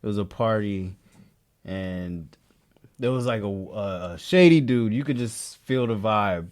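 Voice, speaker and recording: A man from New Jersey, a comedian guest on a podcast, chatting casually with quick jokes and banter. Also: lowish voice, lively intonation, darkish tone. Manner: quick jokey back-and-forth.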